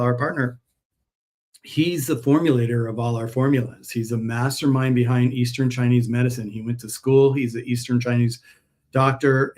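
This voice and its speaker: A man hosting a live stream and chatting with viewers, telling long stories in a rambling way with frequent restarts. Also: mid-range voice. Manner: rambling storyteller, many restarts. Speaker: host, pet supplement seller.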